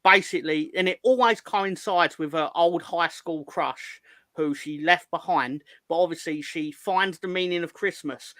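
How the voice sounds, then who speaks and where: Bright-voiced man chatting casually on a podcast. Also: on the high side, normal speed, dry recording. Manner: rambling, jokey, crude. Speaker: podcast co-host. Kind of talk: casual chat.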